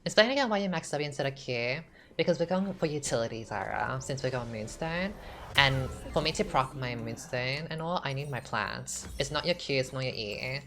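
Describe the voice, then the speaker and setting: A woman's voice: a bass voice, animated, moderate pace, fairly bright tone. A young woman, chatting sassily through casual gameplay commentary, with lots of "like". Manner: chatty, sassy, filler-heavy with lots of "like". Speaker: gaming streamer. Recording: game music playing behind.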